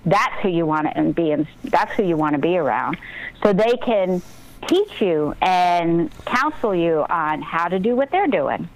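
A woman's voice: on the low side, sing-song, a little slow, low-quality recording. Woman author, radio guest, earnest motivational delivery. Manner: earnest, motivational, talks about breathing and intuition. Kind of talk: casual radio interview.

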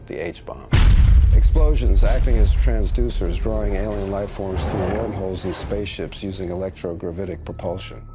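An actor playing a solemn male narrator who reveals a vast conspiracy in measured, scripted narration. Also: sits low, natural voice. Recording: music playing under the voice.

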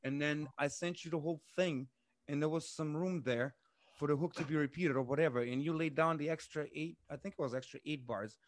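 A man's voice: a little high, fairly even intonation, fairly quick, dry recording. A man with a Russian accent, a podcast co-host in loose chat who swears freely and keeps tagging his sentences with a questioning "right?". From Eastern Europe. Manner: loose and profane, tags lines with "right?".

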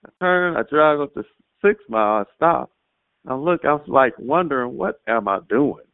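A man tells a testimony on a prayer line in a lively storytelling way, acting out what he and others said. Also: fairly high pitch, moderate pace, smooth, dry recording. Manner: animated storytelling, acts out his own quotes. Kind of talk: casual spoken testimony. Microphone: phone. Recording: tinny phone line, dry.

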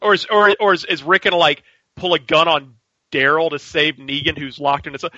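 A man co-hosting a podcast, with a bright, forceful voice pitched a little high. He talks in an animated way, and the audio is dull and lo-fi. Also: a little fast, no room sound. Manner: animated, acts out scenes in shouted voices. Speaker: podcast co-host. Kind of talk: casual chat.

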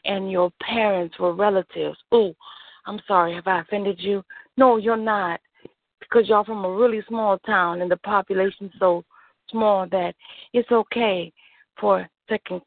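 Woman performing sassy slow spoken word. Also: medium pitch, gravelly, no room sound. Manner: sassy, mocking, deliberate delivery. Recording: tinny, dry phone-like audio.

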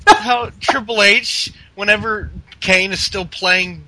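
A man in a casual chat, retelling things quickly and excitably, with profanity. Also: high voice, dry recording, low-quality recording.

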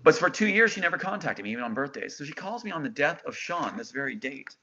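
Intense middle-aged man, bright voice. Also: fairly high pitch, very animated, fast. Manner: intense, insistent, quotes others' words. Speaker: interview guest. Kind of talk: emotional storytelling. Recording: dull lo-fi sound.

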